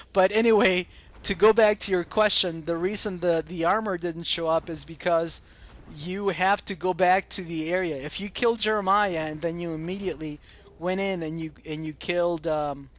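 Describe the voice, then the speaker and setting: An American man hosting a gaming channel, chatting casually through viewer comments and pausing often with ums and uhs. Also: high-pitched, fairly even intonation. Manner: hesitant, many ums and uhs.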